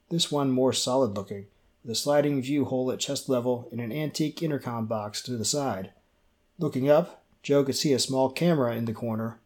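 Man, audiobook narration, steady, measured, mid pitch. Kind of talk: scripted narration.

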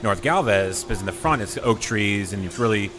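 Joking low-voiced man on a radio show. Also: animated, brisk. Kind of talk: casual radio chat.

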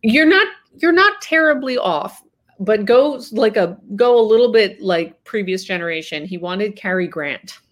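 A woman's voice: medium pitch, expressive, unhurried. A woman co-hosting a casual trivia show, reading out quiz questions in a chatty way with some fillers. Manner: quizzing, conversational with fillers. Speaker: podcast co-host asking quiz questions.

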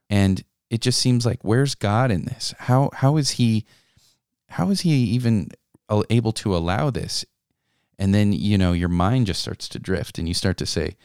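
A man's voice: lowish voice, normal speed, a little mellow, clear, resonant tone, dry recording, studio quality. A young man in an earnest, conversational devotional talk, reading scripture aloud and then reflecting on it. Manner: earnest, conversational, with many restarts and asides. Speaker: co-host reading and discussing scripture.

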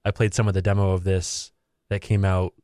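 Male co-host, low voice, blunt complainer, dry sound. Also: little pitch movement, fairly quick, dark tone, clear, resonant tone, dry recording. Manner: candid, complaining. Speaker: podcast co-host. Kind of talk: casual gaming news chat.

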